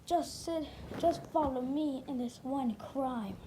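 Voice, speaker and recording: A woman's voice: high-pitched, takes it slowly, warm tone, a little hiss or hum. A woman voicing a cocky male ninja mentor who raps and says "yo" and "bro". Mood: swaggering. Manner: rhyming, slangy "yo" and "bro" talk.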